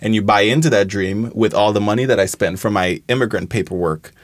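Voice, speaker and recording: A man's voice: fairly low pitch, brisk, dry recording, clean studio sound. A young man from Trinidad, a guest in a roundtable conversation, talking thoughtfully and circling back over his phrases. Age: young adult. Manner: thoughtful, restarts phrases, many "like" fillers. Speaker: alumnus guest.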